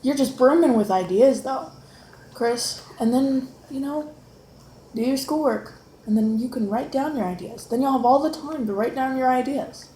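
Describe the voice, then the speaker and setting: A woman's voice: high voice, moderate pace. Encouraging mother in an echoey room. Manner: encouraging, motherly, gently coaxing. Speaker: mother homeschooling her son. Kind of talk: casual family chat. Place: home, at the breakfast table. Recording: echoey room with faint background noise.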